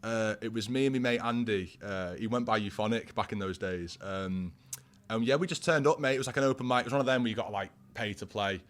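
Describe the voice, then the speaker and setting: This man talks fast in a lowish, slightly bright voice. He's a Warrington-born musician in his twenties with a Northern English accent, guesting on a casual chat, slightly tipsy from a pint and leaning on slang and fillers.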